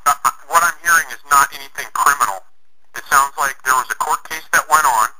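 A man working as a sheriff's office investigator, speaking on a phone call in a measured way and often restarting his sentences. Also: medium pitch, pushed and bright. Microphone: phone line.

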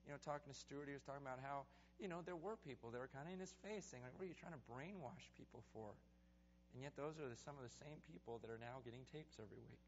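A man, a pastor preaching a sermon and telling stories animatedly, then praying softly at the close. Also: mid-range voice, quick pace. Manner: animated storytelling, building to excited peaks; soft, hushed prayer voice. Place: church sanctuary. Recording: dull, slightly noisy sermon recording.

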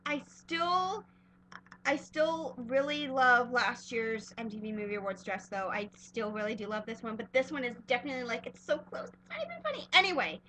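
A woman's voice: fairly high pitch, sing-song, brisk, hardly any pauses, pushed and bright, a little hiss or hum. A young woman vlogging casually, gushing and rambling with lots of fillers. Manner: gushing, rambling fan talk with many fillers. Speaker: fan vlogger. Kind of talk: casual vlog chat.

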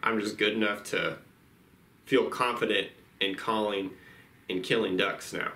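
A man's voice: on the low side, fairly even intonation, measured pace, pushed and bright, echoey room. A man hosting a duck hunting vlog, talking in a laid-back, rambling way with lots of "you know" fillers. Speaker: duck hunting channel host. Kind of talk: casual vlog talk.

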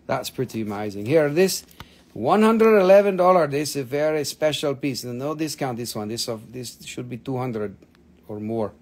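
A man's voice: mid-range voice, normal speed, a little mellow. Swearing, joking man selling rocks live. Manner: joking, blunt, swears freely, non-native phrasing. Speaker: live-stream seller of minerals. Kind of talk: casual live sales stream.

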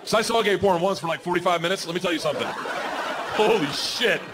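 A man in his forties doing a stand-up comedy set, telling stories loudly and jumping into the voices of his kids and friends. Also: high voice, rapid-fire, crowd noise, noisy background. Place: comedy stage with a live audience. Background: audience laughter.

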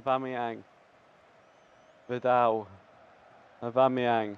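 Brief: young man, gaming commentary, smooth voice a touch high, slightly dull lo-fi mic, veers from groans to cracking cheers. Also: unhurried. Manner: shouts and groans at the match, voice cracks when excited. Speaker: gaming YouTuber. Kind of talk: excitable live gameplay commentary.

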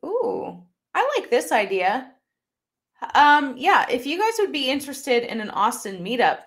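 With a fairly high voice and some vocal fry, a young woman chats upbeat on a casual live stream from her home computer. She reads viewer comments as a YouTube host, using many fillers.

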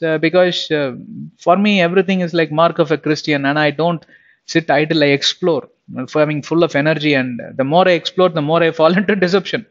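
Man preaching, slightly higher voice, lo-fi sound. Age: young adult. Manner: conversational preaching, asks the listeners questions. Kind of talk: sermon.

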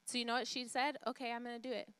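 A woman preaches a sermon as pastor, her voice bright and a touch high. She is emphatic, repeating key phrases and putting questions to the congregation, and she softens to a hush when she retells a story. The recording is close and dry. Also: little pitch movement, very fast, clean tone, no room sound.

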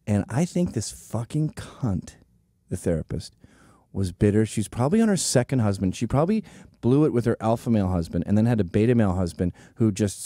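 Man, forties, show host, very mellow dark tone, dry close sound, profane sarcastic rant. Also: lowish voice, dry recording. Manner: profane, sarcastic, acts out quoted voices. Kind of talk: comedic monologue rant.

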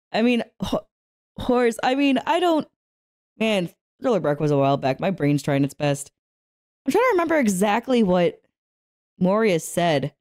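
Animated young woman with lively pitch. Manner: animated, laughs often, swears freely. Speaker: anime reaction channel host. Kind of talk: casual reaction chat and storytelling.

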